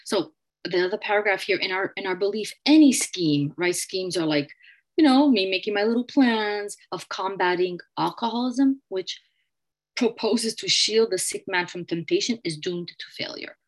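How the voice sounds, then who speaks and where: A woman's voice: medium pitch, normal speed. A woman giving an earnest personal share at a recovery meeting, often repeating and restarting her phrases.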